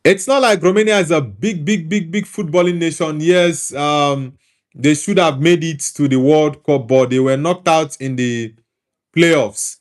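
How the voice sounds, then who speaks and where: A Nigerian man with an Igbo background hosting a relaxed football talk show, reading out chat comments and answering them in an easygoing way. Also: a little high, measured pace. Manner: easygoing, repeats words while thinking. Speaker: host reading live chat.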